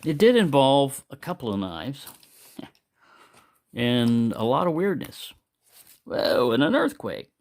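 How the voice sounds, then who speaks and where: Man, casual rambling monologue, chatty, wanders off topic, average pitch. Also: big pitch swings, slow, pauses often, darkish tone. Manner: meandering, loose and chatty. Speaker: knife collector and channel host.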